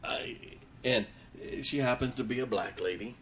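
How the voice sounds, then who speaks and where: A man's voice: mid-range voice, moderate pace, a bit bright, slight background noise. A male pastor preaching a sermon in church, telling folksy stories and laughing at his own jokes.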